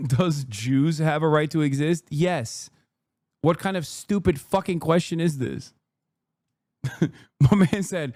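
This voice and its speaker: A man's voice: fairly high pitch, takes it slowly, pauses often, darkish tone, no room sound, studio quality. A man reacting to an interview clip in casual commentary, blunt and profane, mocking the clip and laughing often.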